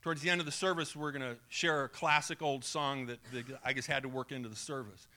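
Animated bright-voiced male pastor. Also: medium pitch, fast. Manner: conversational, animated, acts out quoted voices. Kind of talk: sermon.

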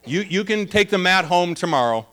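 A man's voice: high voice, animated, normal speed, pushed and bright. A man preaching a conversational sermon, humorous and laughing often as he retells the story. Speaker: pastor.

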